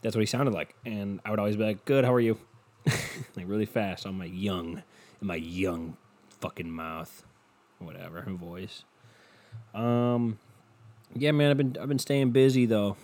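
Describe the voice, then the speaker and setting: Speaking unhurriedly, this young male podcast host has a fairly low, darkish voice and a steady tone. Alone at home with a cheap desk microphone and headphones, he rambles in a crude, self-deprecating style full of swearing.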